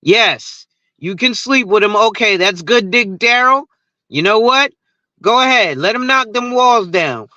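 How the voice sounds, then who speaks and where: A man's voice: sits high, lively intonation, unhurried, bright, forceful tone, no room sound, lo-fi sound. A man who talks insurance on social media, ranting in a casual, profane and rambling way and laughing at his own stories. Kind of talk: casual rant to camera.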